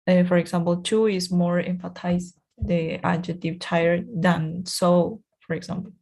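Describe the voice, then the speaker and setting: Hesitant woman learner, slow speech. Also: fairly low pitch, level tone, darkish tone. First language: not English. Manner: hesitant, searching for words. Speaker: English learner. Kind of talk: online one-to-one lesson.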